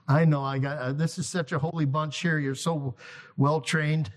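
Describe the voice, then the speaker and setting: High-voiced man preaching in a reverberant hall. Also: flat delivery. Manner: emphatic, repeats key lines slowly. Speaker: guest preacher. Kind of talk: sermon. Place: church sanctuary. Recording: long reverb of a large hall.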